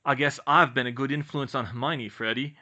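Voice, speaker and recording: A man's voice: mid-range voice, fairly quick, lo-fi sound, lightly acted. A man voicing a cheeky, teasing teenage boy wizard in an audiobook. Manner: teasing, louder than narration.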